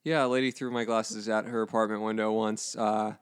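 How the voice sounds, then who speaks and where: A man chatting casually on a podcast as guest co-host, telling stories in a dry, deadpan way. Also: lowish voice, a little fast, clear, resonant tone.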